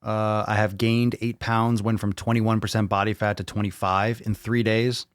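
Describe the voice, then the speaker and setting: A man with a lowish voice, recorded dry and close, running a casual live fitness Q&A. He reads out viewer questions and answers them bluntly, swearing freely. The delivery is loose, offhand and unscripted. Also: little pitch movement, normal speed, clean tone, dry recording. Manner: blunt and profane, reads questions aloud then rants.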